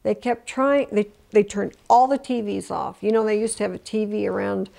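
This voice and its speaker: A woman's voice: medium pitch, steady tone, moderate pace, vocal fry, mellow. An older woman in an oral history interview, telling her story with emotion, restarting often and acting out the voices she quotes. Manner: emotional retelling with many restarts.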